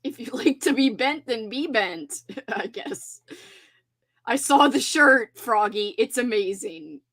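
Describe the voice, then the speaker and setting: A woman's voice: fairly high pitch, animated, slow pace, a bit bright. A woman hosting a casual livestream chat, giggling and acting out lines from a book she is reading. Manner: chatty, giggly, acts out book characters. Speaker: host.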